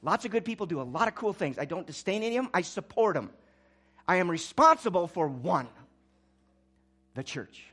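A man preaching a sermon as pastor, swinging between quiet, low asides and loud, urgent exclamations. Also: very animated, fairly quick, long pauses.

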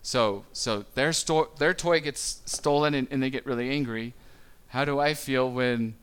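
A man preaching to a congregation in a casual, talk-like style. His middle-pitched voice moves easily, and he trips over a word now and then as he acts out quick lines of dialogue. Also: fairly bright tone, clean tone. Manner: conversational, with small stumbles and quick acted-out quotes. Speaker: pastor. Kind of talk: sermon.

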